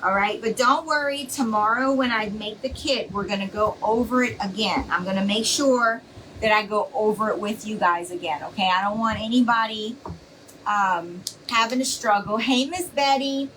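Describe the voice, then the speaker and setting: A woman's voice: mid-range voice, moderate pace, a bit bright, slight background noise. Woman, craft live stream host, chatty, rambling, reassuring, slightly distant mic. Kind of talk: casual live-stream chat with viewers.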